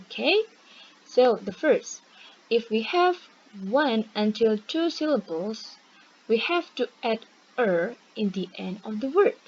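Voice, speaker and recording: A woman's voice: fairly high pitch, lively intonation, slow pace, darkish tone. A young woman teaching an English grammar lesson online, patiently checking in with her students. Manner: patient, checks in with "okay?" and "right?". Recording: dull lo-fi recording with faint hiss.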